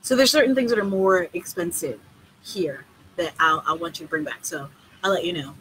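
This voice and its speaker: A woman who organizes tours, answering questions in a casual live video with a blunt, profane, animated way of talking. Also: on the low side, moderate pace, slight background noise, low-quality recording. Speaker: tour organizer and host.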